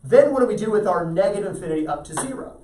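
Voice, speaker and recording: A man with a high-pitched, dark-toned voice races through an animated math lecture, explaining problems and often pausing to ask whether students follow. The room echoes, and he sounds far away.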